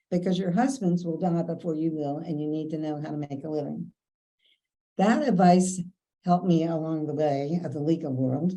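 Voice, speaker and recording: Older kentucky lady telling stories, low pitch, super warm dark tone. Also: poor audio. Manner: chatty, anecdotal, quotes others in dialogue. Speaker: interviewee. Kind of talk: casual storytelling.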